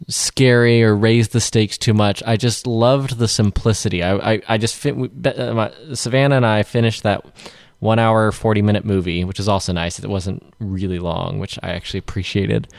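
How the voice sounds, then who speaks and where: A man's voice: fairly low pitch, darkish tone, clean tone, no echo. Chatty man reviewing films on a dry mic. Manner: chatty, rambling with restarts. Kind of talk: casual film review chat.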